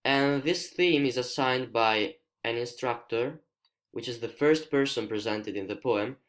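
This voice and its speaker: A male student with an Italian accent, a native Italian speaker, explaining a poem in a screencast lesson, careful and hesitant, pausing to find his words. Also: medium pitch, a bit bright. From Italy.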